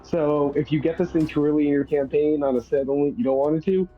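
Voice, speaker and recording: A man's voice: on the high side, steady tone, fast talker, lo-fi sound, a little hiss or hum. A man chatting casually, rambling through an explanation and laughing at his own points. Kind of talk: casual chat.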